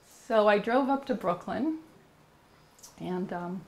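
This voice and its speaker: A woman with a voice of middle pitch tells a personal story to an interviewer. She speaks earnestly and rambles, with many fillers and restarts. She grows animated whenever she quotes her own words. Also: slow pace. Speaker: interview guest.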